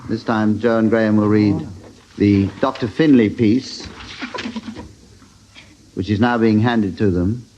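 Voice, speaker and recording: A man chairing a comedy panel game, wry and halting, with dry quips. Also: lowish voice, steady tone, warm tone. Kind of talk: dry hosting banter on radio. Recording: dull old radio recording with hiss.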